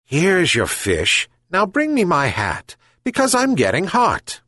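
A man's voice: high voice, wildly swooping pitch, slow, bright, forceful tone, no room sound, voice pushed up, exaggerated voice. A man voicing a kind, sick old fisherman who calls and pleads with his pets. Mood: calling. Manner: calling out, pleading.

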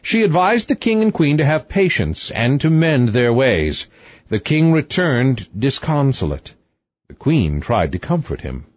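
Man reading a fairy tale, very lively pitch, husky voice, muffled dry recording. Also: a little slow, dry recording. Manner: expressive, wide-ranging read. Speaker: narrator. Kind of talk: storybook reading aloud.

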